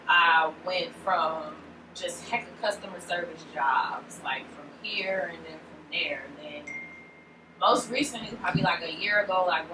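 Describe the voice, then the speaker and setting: Bay woman, podcast co-host, animated storyteller; recorded roomy and off-mic. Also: lowish voice. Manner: animated, full of "like", acts out quoted lines. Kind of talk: casual storytelling chat. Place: room in a shop with co-hosts. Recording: roomy, distant mic, noisy background.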